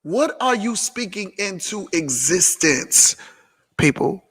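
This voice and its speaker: A man giving an emphatic, preachy motivational business talk on a livestream, repeating phrases and sometimes shouting. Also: high voice, animated, unhurried, pauses often, big-room sound. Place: indoor room filming himself on several cameras.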